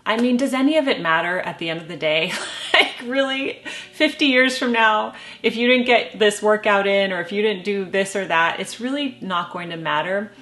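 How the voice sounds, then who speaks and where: A middle-aged woman giving lifestyle advice to camera in a calm, measured way with gentle humor. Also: medium pitch. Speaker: lifestyle vlogger. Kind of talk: casual advice talk to camera.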